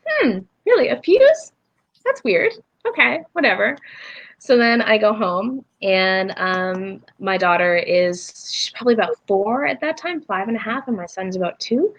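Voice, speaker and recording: A woman's voice: on the high side, dull audio. A woman in her forties, a spiritual healer and interview guest, telling a personal story and acting out the voices in it. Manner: animated, acts out voices in her stories. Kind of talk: casual storytelling.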